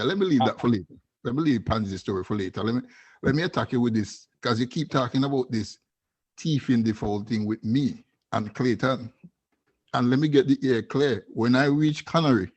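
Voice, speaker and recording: Vincentian host guy ribbing his old friend, husky voice, dull lo-fi sound. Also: mid-range voice, a little mellow. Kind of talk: casual chat.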